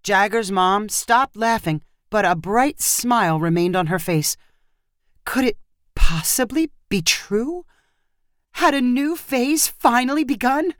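Expressive woman reading a story. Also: on the high side, takes it slowly, no room sound, studio quality. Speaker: narrator. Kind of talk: storybook narration.

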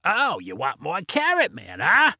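A raspy, weird Carrot Man with a growl pushed up from deep in the chest, as a storyteller puts him on. He stretches his words out slowly in a sing-song lilt and swings his pitch up high. The sound is dry and close, like a storybook reading. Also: huge pitch swings, pushed and bright, no echo, heavily acted. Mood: teasing. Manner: slow, drawn-out, weird sing-song delivery. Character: raspy goofy male Carrot Man character.

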